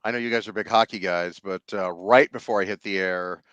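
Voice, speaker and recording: A man who hosts sports radio, chatting casually on a podcast and telling self-mocking stories in an animated way. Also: low voice, a little fast, smooth, no echo. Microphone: studio microphone.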